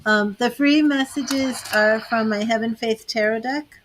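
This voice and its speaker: A woman's voice: on the high side, measured pace, a little hiss or hum, poor audio. An older woman giving tarot readings on a live stream, chatting with viewers by name. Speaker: tarot reader.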